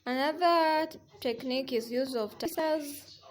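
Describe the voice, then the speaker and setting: A woman lecturer reading a recorded lesson in a measured way, listing examples one by one with small restarts. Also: sits high, low-quality recording.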